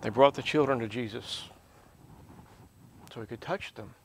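A man who is a professor, teaching a Bible lesson in a lively way, swinging from quiet asides to loud, emphatic bursts. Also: mid-range voice, normal speed, gravelly, a little hiss or hum.

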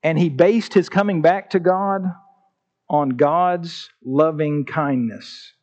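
A man preaching a sermon, with emphatic, drawn-out phrases and repeated words. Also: a little high, darkish tone, muffled recording. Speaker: pastor.

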